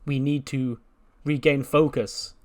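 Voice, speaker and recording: A man's voice: mid-range voice, little pitch movement, slow, close to an everyday voice. A man voicing a female wrestler who curtly brushes off an unwanted visitor. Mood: dismissive. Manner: curt, dismissive.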